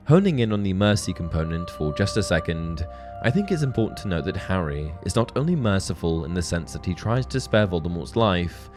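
A man's voice: low-pitched, darkish tone. A man giving scripted video-essay narration, earnest and analytical, reading book passages aloud. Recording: faint background music.

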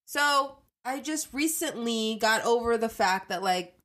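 A woman's voice: a little high, animated, moderate pace, fairly bright tone. A young adult woman hosting a casual monologue podcast, ranting animatedly and swearing freely. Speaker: podcast host.

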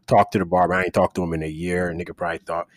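A young man, a podcast co-host, telling a story in relaxed, slangy casual chat and laughing often. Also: deep voice, very fast, no echo. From Jamaica.

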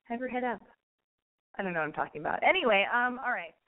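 A woman's voice: on the high side, animated, fast. Rambling, cursing woman host on a thin line. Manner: rambling, blunt and swearing, jokey. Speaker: radio call-in host. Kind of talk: casual call-in chat. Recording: thin phone-like sound.

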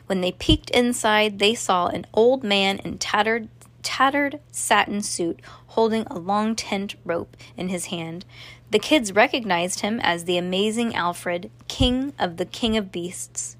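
A woman's voice: medium pitch, a little slow. Woman reading a storybook aloud. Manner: steady narration with small restarts. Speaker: reader.

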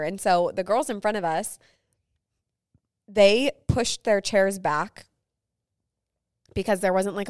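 A woman's voice: medium pitch, clear, resonant tone, no room sound, clean studio sound. A young woman co-hosting a chatty podcast, telling stories and laughing until she cries. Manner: giggly, laughs until crying, chatty storytelling. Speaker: podcast co-host. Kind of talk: casual chat.

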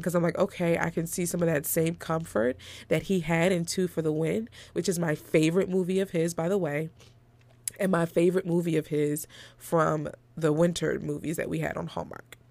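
Chatty woman, gravelly low voice. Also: dry recording. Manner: chatty, animated, laughs often. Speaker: podcast host. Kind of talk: casual chat.

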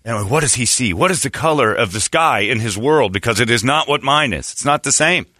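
A man's voice: mid-range voice, fairly quick, no echo, studio quality. A man hosting a radio show, telling a story in casual chat and acting out the people he quotes. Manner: animated storyteller, acts out quoted voices.

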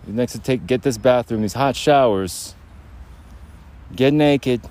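A man's voice: medium pitch, a little slow, a little mellow, pitched above the performer's own voice, lightly acted. A man putting on the voice of a bossy bathroom bully who barks orders at people waiting for a shower. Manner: barking orders, hurrying people.

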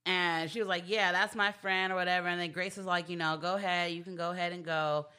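A woman's voice: fairly low pitch, fairly even intonation, fast talker, sharp tone, clean tone. A woman in casual chat, recapping scenes of a show by quoting the characters.

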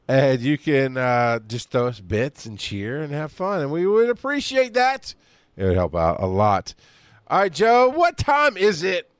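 A man's voice: mid-range voice, clear, resonant tone, no room sound. Joking man co-hosting a podcast. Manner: joking, teasing, breaks into put-on voices. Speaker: podcast co-host. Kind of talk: casual podcast chat.

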